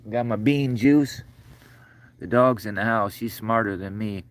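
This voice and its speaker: Choked-up low-voiced man rambling. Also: unhurried. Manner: rambling, folksy, calls viewers brother and sir; choked up, voice breaking. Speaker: livestream host. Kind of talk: casual livestream chat.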